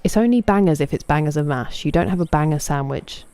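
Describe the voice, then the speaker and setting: A woman's voice: low-pitched, quick pace, dark tone, clean tone, no echo. An English woman in her thirties streaming a game, chatting in a rambling, self-mocking way. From England. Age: 30s. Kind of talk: casual chat.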